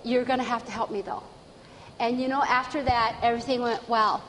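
A woman training church members, telling stories with lively earnest enthusiasm. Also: fairly high pitch, fairly quick, big-room sound, slight background noise, poor audio. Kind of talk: storytelling talk to an audience.

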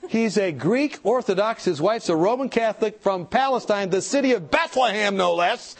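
A man giving an animated church seminar talk, telling stories, acting out the people in them and asking the audience questions. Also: high-pitched, normal speed, gravelly. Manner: animated storytelling, acts out quoted people. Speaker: health speaker.

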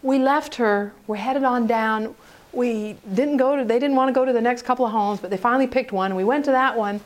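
A woman speaking on prayer ministry, telling a story in an animated way and acting out the voices of the people in it. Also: on the high side, brisk. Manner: animated, acts out quoted voices. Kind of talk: storytelling talk.

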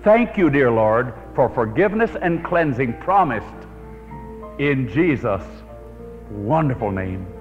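Male preacher telling stories, pitch swings a lot, muffled old tape in a big echoey hall. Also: slow, faint music behind. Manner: animated storyteller, prays aloud. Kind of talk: evangelistic sermon with storytelling. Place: church or meeting hall with an audience. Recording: dull old recording in a reverberant hall.

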